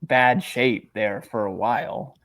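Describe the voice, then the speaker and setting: A man's voice: medium pitch, dry recording. A man co-hosting a sports podcast, chatting casually and telling stories with acted-out quotes. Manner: animated storyteller, quick laughs, acts out quotes. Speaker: podcast co-host. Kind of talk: casual chat.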